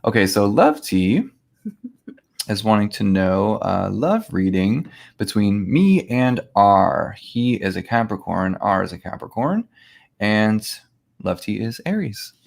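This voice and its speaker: A man moderating a live stream, briskly making announcements and reading out viewers' questions. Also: on the low side, sing-song, creaky. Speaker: producer and chat moderator.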